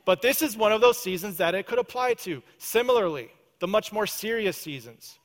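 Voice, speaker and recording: A male pastor preaching a sermon, earnest, often dropping to a soft, intense prayer voice. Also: high-pitched, lively intonation, normal speed, few pauses. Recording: church hall reverb.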